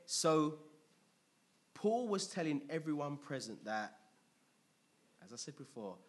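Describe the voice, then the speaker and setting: A man preaching a sermon in a conversational, lively way, asking the congregation questions. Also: a little high, slow pace, husky.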